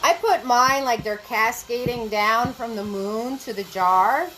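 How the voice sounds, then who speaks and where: A woman's voice: on the high side, unhurried, pushed and bright, a little hiss or hum, low-quality recording. A woman leading a live painting class, chatty and encouraging, greeting viewers as she goes. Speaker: paint party instructor. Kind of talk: live online painting lesson.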